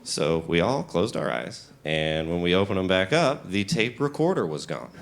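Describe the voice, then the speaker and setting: A young man from the US South telling stand-up stories, slipping into quick put-on voices. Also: low voice, creaky. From Royston, Georgia, US South. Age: young adult. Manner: animated storytelling, quick bursts of put-on voices. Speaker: stand-up comedian. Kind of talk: stand-up comedy set. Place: comedy club stage before a laughing audience. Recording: noisy live club with audience laughter.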